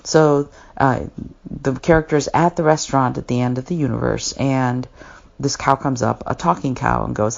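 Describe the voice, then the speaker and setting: A woman's voice: a bass voice, fairly even intonation, normal speed, vocal fry. A woman hosting a podcast monologue, earnest and passionate, often restarting her sentences, in a slightly dull lo-fi recording. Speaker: podcast host.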